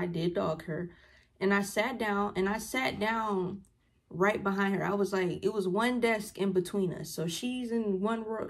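A young adult woman vlogging a storytime in a casual, slangy way, acting out what people said to her. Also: medium pitch. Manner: animated, slangy storytelling that acts out what others said. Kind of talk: storytime vlog.

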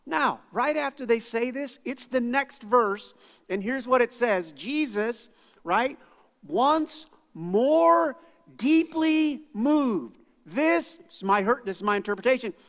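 A middle-aged pastor preaches with a lively, expressive delivery. He drops to quiet asides, then rises into loud outbursts. His high, bright voice rings through a church hall with a long reverb. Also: a little slow. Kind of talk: sermon. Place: church sanctuary.

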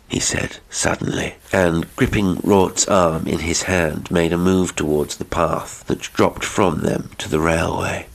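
A man reading a classic horror story aloud as an audiobook narrator, in measured, dramatic storytelling. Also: sits low, fairly even intonation, vocal fry.

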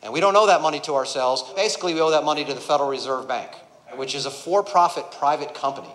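A man doing a stand-up comedy set, ranting and swearing and building to angry shouts. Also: on the high side, fast. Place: comedy club stage before a laughing audience. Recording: roomy live venue sound.

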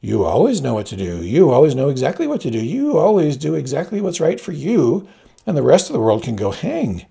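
A man voicing a small, cold dream infant who accuses its mother, in a gravelly voice. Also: on the high side, wildly swooping pitch, fairly quick, warm tone, pitched above the performer's own voice, exaggerated voice. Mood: cold accusing.

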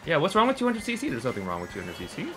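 A man streaming a racing game with a friend, excitable, yelling and swearing at the game and meowing for fun. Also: fairly high pitch, racing, over music. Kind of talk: casual gaming stream chat.

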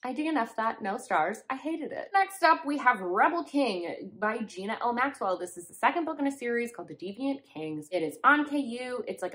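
A young woman chatting casually through a monthly book review vlog, sarcastic and quick to laugh. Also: on the high side, a bit bright.

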